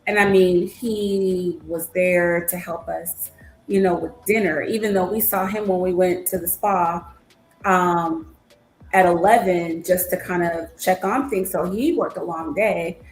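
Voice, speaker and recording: Lively woman telling stories. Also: fairly low pitch, a little slow, soft background music. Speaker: interview guest, traveler. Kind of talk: casual storytelling. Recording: echoey room, faint noise.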